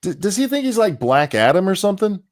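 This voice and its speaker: A man's voice: high-pitched, very animated, fast. A man co-hosting a podcast in casual chat, sardonic and profane, with frequent sighs. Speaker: podcast co-host.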